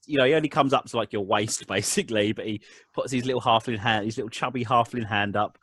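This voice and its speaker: A man's voice: mid-range voice, fast talker, a bit bright, dry recording. A man narrating as game master of a tabletop game, in a rambling way full of ums and restarts.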